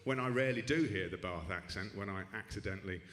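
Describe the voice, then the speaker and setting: A man's voice: fairly low pitch, fast, fairly bright tone. A man doing a stand-up comedy set in a club, with dry, rambling, self-deprecating asides and frequent restarts. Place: comedy club stage with live audience. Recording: echoey club room with audience noise.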